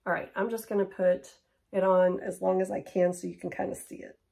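A middle-aged woman who vlogs shopping hauls chats casually and cheerfully while unboxing jewelry and trying it on, dropping almost to a whisper for close-ups. Her voice is on the low side, dark and creaky, with a level tone and a fairly quick pace.

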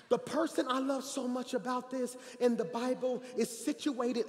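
Pastor guy preaching, high voice, drops to a mumble then shouts, long church reverb. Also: normal speed, few pauses. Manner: animated, swings from quiet asides to shouting. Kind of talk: energetic sermon storytelling. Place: large church hall.

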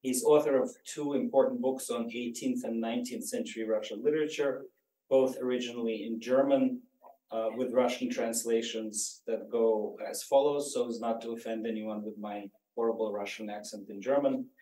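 A man introducing a guest speaker in a formal, halting way, with many "uh" fillers. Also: medium pitch, steady tone, warm tone. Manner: many "uh" fillers, slow deliberate delivery. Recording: roomy lecture hall, distant mic.

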